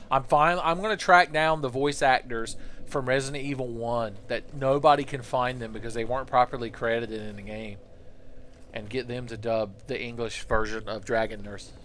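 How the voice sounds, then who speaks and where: A man's voice: medium pitch, a bit bright, slight background noise. A man streaming a game live, chatting casually and joking as he rambles through questions from his chat.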